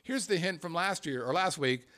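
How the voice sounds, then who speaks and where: A man's voice: on the high side, animated, moderate pace, fairly bright tone. A middle-aged man hosting a casual live stream, reading out contest entries with crude jokes. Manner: joking, profane, reads names in a sing-song way. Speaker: show host.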